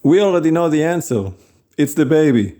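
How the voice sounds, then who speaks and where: A man's voice: fairly high pitch, expressive, a little fast, dark tone. A man preaching an informal sermon in an earnest, plain-spoken, conversational way.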